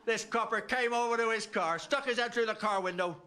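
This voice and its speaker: A man's voice: high-pitched, brisk, bright, forceful tone, clean tone. A man doing stand-up, telling a chatty anecdote. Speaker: stand-up comedian.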